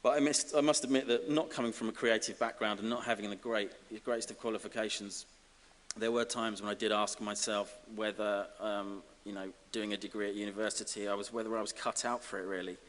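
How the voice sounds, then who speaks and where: A man from giving a self-deprecating, comic acceptance speech as an honorary graduate, halting over fillers. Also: lowish voice, fairly even intonation, fairly bright tone. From Essex, England. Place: large ceremony hall. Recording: reverberant hall with faint hiss.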